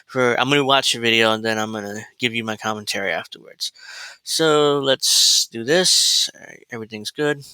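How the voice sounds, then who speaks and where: A man ranting angrily about politics, swearing freely and circling back over the same points. His voice is very bright and tense, recorded dry and close with no room sound. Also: medium pitch, moderate pace, clear, resonant tone, no echo, rough recording. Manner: heated, profane, repetitive. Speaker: political commentator. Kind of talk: angry political rant.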